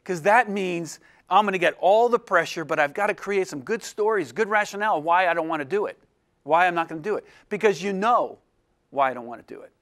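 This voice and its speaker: A male illustration professor tells a personal story to a lecture hall of students, animated and poking fun at himself while doing the voices of the people involved. His voice is high and his delivery brisk.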